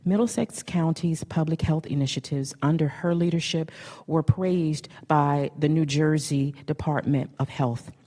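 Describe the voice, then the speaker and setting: A woman's voice: sits low, steady tone, unhurried, warm tone. A woman at a council meeting reading a formal award tribute aloud, effusive in her praise. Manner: effusive, gets emotional near the end. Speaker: council member presenting an award.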